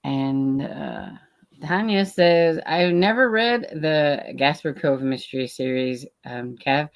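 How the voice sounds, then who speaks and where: A woman with a somewhat low voice hosts a relaxed reading stream. She reads viewer comments aloud in an easy, chatty way, often breaking into light laughs. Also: slow. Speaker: host of a reading sprint livestream.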